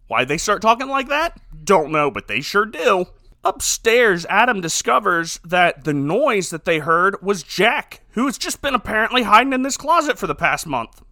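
A man's voice: sits high, sing-song, moderate pace, sharp tone, dry recording, clean studio sound. A man from Ohio recapping a movie in a comedic podcast chat, sarcastic and laughing often.

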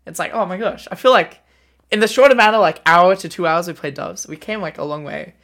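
Excitable guy telling stories. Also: high voice, creaky. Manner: fast, animated storytelling full of "like". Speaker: podcast co-host. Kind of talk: casual chat.

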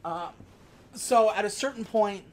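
A podcast co-host in a loose, casual chat, recapping a film scene by scene. The voice sits at a middle pitch, and the host keeps dropping into brief put-on voices for the characters. The delivery is chatty and unscripted. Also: unhurried.

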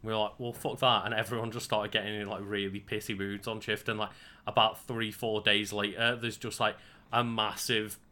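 Bright-voiced man in casual chat. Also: on the low side, moderate pace. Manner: relaxed, agrees with short fillers, swears casually.

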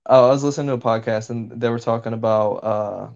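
A man's voice: medium pitch, fairly even intonation, quick pace, vocal fry, a little mellow. Laid-back male podcast host, lo-fi. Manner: laid-back, swears casually, fills with "you know". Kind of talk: casual chat. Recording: dull lo-fi sound.

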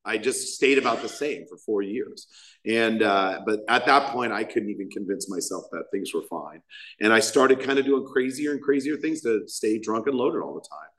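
A man's voice: fairly low pitch, animated, moderate pace, a bit bright, low-quality recording. A man speaking at a recovery meeting, telling a rambling, self-mocking personal story to a group. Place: meeting hall.

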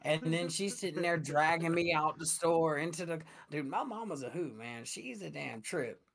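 A young man co-hosting a casual podcast, telling stories in an animated way and swearing a lot. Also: fairly high pitch, normal speed, creaky, a crowd in the background. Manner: animated storyteller, heavy swearing. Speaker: podcast co-host.

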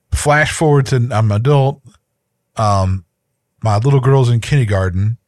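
A man in his thirties co-hosts a podcast, speaking at medium pitch with no room sound. Chatting casually, he tells a personal story in a rambling way, with frequent restarts and repeated words.

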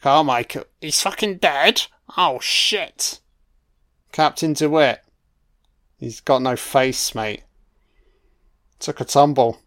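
Guy doing a film reaction track, slow unhurried delivery, swears a lot, yells at the screen. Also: mid-range voice. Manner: profane, talking back at the screen. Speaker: film commentator. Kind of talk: live reaction commentary over a film.

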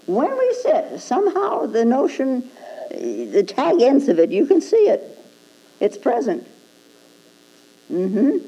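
A woman's voice: sits high, wildly swooping pitch, takes it slowly, long pauses, mellow, breathy edge, rough recording. A woman Zen teacher giving a dharma talk, prodding her listeners with rhetorical "hmm?" questions and chuckling at her own points.

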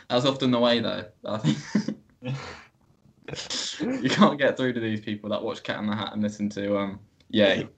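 Teasing man with a low voice. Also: fairly even intonation, normal speed, creaky, long pauses. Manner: jokey, teasing. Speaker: podcast co-host. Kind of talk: casual chat.

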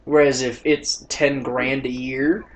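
A man's voice: mid-range voice, flat delivery, slow pace. A man co-hosting a casual podcast chat, rambling and repeating words as he tells stories and acts out the people in them. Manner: acts out quoted people in anecdotes. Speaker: podcast co-host.

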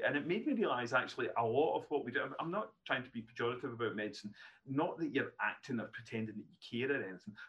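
A man in his fifties, a neurologist telling self-deprecating stories as a podcast guest, animated, with frequent restarts. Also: mid-range voice. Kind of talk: casual podcast storytelling.

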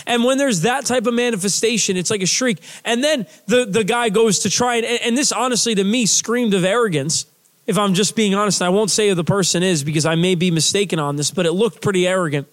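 High-voiced man preaching conversationally. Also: brisk. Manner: conversational preaching, many fillers and restarts; emphatic repetition of key phrases. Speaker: pastor. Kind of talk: sermon.

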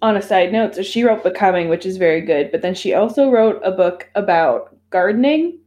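A woman's voice: medium pitch, animated, brisk, warm tone. A young woman co-hosting a podcast, telling rambling stories full of tangents. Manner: rambling, tangent-prone storytelling. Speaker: podcast co-host. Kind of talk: casual chat.

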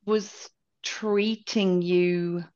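A woman co-hosting a podcast who asks curious questions and teases gently. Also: lowish voice, fairly even intonation, very slow, lo-fi sound. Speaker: podcast co-host. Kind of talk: podcast conversation.

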